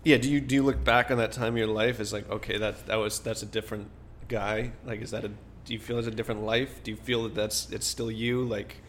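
A man's voice: mid-range voice, little pitch movement, quick pace, hardly any pauses, slight background noise. A male interviewer asking probing questions in a casual style and rephrasing them as he goes.

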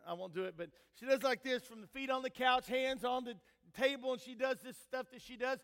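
A high-pitched older man preaches in a church sanctuary. His voice rings with a long hall reverb as he moves from loud emphatic calls to hushed asides. He mixes scripture reading with homespun family stories. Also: fairly even intonation, fairly quick, clear, resonant tone. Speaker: pastor. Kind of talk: sermon.

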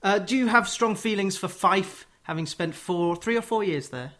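A man's voice: high-pitched, a bit bright. Playful, wordy male radio host. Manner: playful, wordy and quick-witted. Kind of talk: chatty interview.

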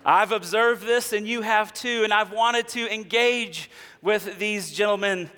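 A man's voice: high-pitched, measured pace, sharp tone, in a large hall, a little hiss or hum. A man preaching a sermon, telling humorous stories and acting out the people in them before moving into scripture. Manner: humorous storytelling, acts out quoted characters. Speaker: pastor.

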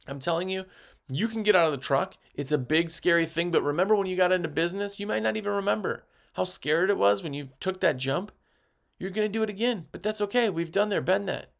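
On a podcast, a man acting as a sales rep gives an energetic motivational pep talk, getting worked up and passionate. His high, creaky voice moves at a quick pace, and he rambles with fillers and restarts.

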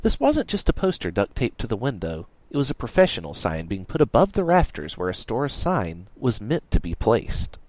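A man reading a story aloud in a wry, lively storytelling manner. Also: medium pitch, normal speed, few pauses, no room sound. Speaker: narrator.

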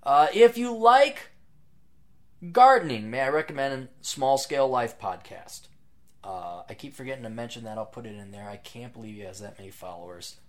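A man hosting his own podcast in a casual, sarcastic, rambling monologue, reading out plugs and jumping between loud bursts and mutters. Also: medium pitch, expressive, moderate pace. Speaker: podcast host.

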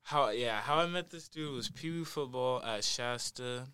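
A man, a guest musician, speaking softly and hesitantly about how he met his friend. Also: mid-range voice, normal speed, clear, resonant tone. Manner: soft-spoken, hesitant, with fillers. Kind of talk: casual podcast chat.

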